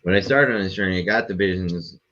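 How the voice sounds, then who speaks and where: A man appearing as a podcast guest, telling a story in a rambling, profane, animated way. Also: low-pitched, fast, muffled recording. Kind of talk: casual storytelling.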